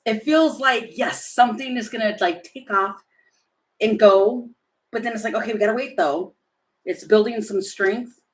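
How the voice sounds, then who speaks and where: Slow-talking giggly woman reading tarot. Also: fairly high pitch, low-quality recording. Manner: giggly, chatty, thinking aloud. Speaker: tarot reader.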